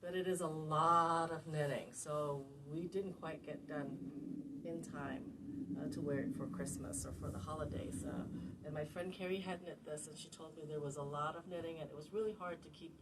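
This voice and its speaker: A woman hosting a casual craft video, chatting and introducing her friend's demonstration. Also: sits low. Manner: chatty, with fillers. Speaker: host. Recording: distant mic with noise.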